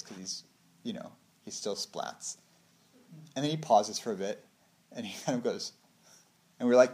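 A man in his thirties giving a casual meditation talk, acting out little quotes with big swings of voice. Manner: animated storytelling, acts out quotes with big pitch swings. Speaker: meditation teacher.

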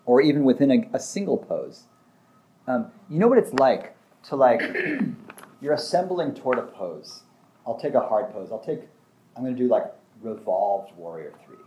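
Mellow-voiced man teaching casually. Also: medium pitch, expressive, normal speed, slight background noise. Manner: thinks aloud, restarts often, acts out examples.

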